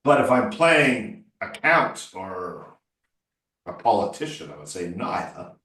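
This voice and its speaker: Brief: lower-voiced male speaking coach, emphatic, heard from a distance. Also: big pitch swings, slow pace, fairly bright tone. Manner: emphatic, corrective, playful. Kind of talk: one-on-one tutoring session. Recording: roomy echo, distant mic.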